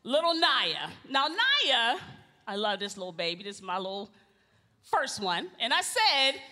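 Lively woman storyteller at a live event, high and bright, laughing with the crowd. Reverberant hall. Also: measured pace. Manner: animated, laughing, addresses the crowd. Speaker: speaker at a women's event. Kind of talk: comic storytelling to a live audience. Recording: live hall with long reverb, faint ambience.

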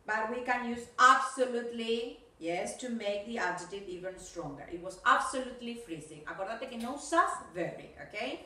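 A woman teaching an English class on video, slowly and deliberately, checking in often with "yes? okay?". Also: a little high, expressive, sharp tone, recorded from a distance. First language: Spanish. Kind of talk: recorded video lesson. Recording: roomy echo, voice from off the mic.

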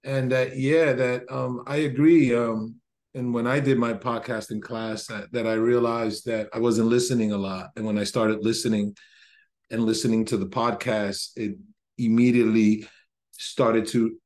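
A man's voice: medium pitch, steady tone, normal speed, a little mellow. A man sharing thoughts in a casual video-call discussion, rambling and enthusiastic as he corrects himself. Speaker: symposium participant.

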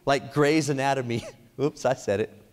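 A man giving an energetic motivational speech on ethics, asking the audience many questions. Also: medium pitch, normal speed, a little hiss or hum. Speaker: speaker at an ethics event. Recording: echoey hall reverb.

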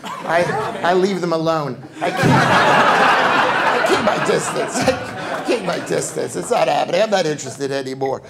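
A middle-aged man with a New York accent doing a live stand-up routine, rambling in a deadpan way and repeating his lines. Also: a little high, unhurried, gravelly, over a noisy crowd, heavy background noise. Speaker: stand-up comedian. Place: comedy club on stage. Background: audience laughter.

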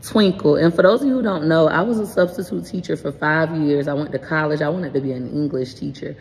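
A woman's voice: low-pitched, a little fast, big-room sound, a little hiss or hum. A woman in her thirties, a parent and content creator, talking frankly and casually in a vlog about teaching her son math, swearing now and then. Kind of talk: casual vlog explaining homework help.

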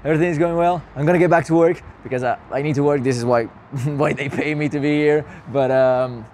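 A young man vlogging at an outdoor music festival, chatting excitedly with lots of fillers and restarts while losing his voice. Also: on the high side, fairly quick, a little hiss or hum. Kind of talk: casual vlog to camera.

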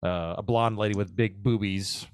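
A man hosting a podcast in casual, profane chat, joking with a dark sense of humor. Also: fairly low pitch, fairly even intonation, moderate pace, clear, resonant tone, no echo, studio quality. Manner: jokey, swears often, dark humor. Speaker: podcast host.

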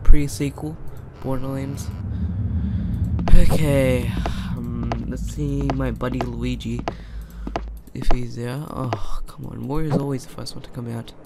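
A young man doing let's play commentary on a horror game, excitable, chatting to the characters and yelling when startled. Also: medium pitch, measured pace, gravelly, very noisy. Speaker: gamer.

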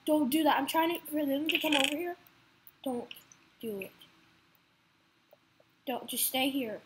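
A woman co-player in a casual gameplay video, talking in an excitable, panicky, pleading way. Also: high-pitched, unhurried, long pauses, slight background noise.

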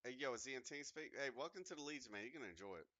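A man's voice: mid-range voice, expressive, very fast, bright, forceful tone, a little hiss or hum. A man in casual, profane banter with teammates while gaming on a headset mic. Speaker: gamer.

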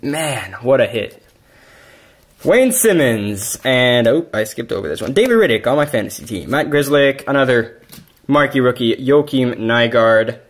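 A man narrating a card-opening session at home in a casual, excitable way, bursting into yelling over big pulls. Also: mid-range voice, moderate pace. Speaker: card-collecting YouTuber.

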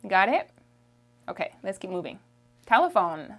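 A woman with a Canadian French accent giving an online French lesson, modelling words slowly and checking in with "okay" after nearly every word. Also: mid-range voice, sing-song. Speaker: French teacher. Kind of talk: language lesson.

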